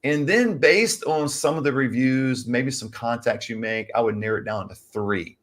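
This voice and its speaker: A man's voice: medium pitch, normal speed, fairly bright tone. Chatty man rambling advice. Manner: rambling, addresses viewers as guys. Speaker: co-host. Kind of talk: casual advice chat. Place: lives in California.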